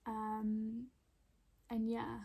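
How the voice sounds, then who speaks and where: A young woman giving an emotional oracle card reading at home, soft and rambling with many fillers. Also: a little high, monotone, extremely slow, vocal fry, slight background noise. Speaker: spiritual card reader. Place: home room with plants.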